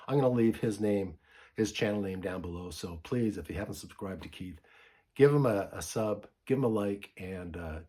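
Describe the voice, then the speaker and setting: Low-voiced relaxed man vlogging. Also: normal speed. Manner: relaxed, rambling, frequent uh fillers. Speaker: record collector vlogger. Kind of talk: casual show-and-tell vlog.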